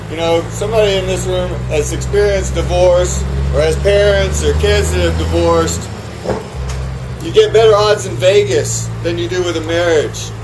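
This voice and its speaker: A high-voiced New England farmer gives a passionate conference talk on farming to a live audience, repeatedly firing rhetorical questions at the crowd. There's noticeable background noise.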